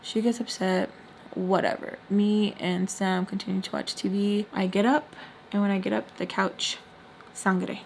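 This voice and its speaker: A woman's voice: medium pitch, little pitch movement, a little slow, gravelly, a little mellow, slight background noise. A young woman telling a storytime vlog in casual chat, blunt and full of fillers, swearing now and then. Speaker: storytime vlogger.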